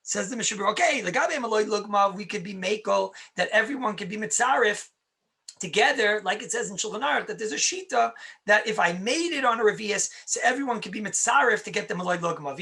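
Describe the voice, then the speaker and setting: A man's voice: sits high, expressive, fast, creaky, pushed and bright. A man, a rabbi, teaching Jewish law in a conversational lecture, stressing points by repeating them and answering his own questions.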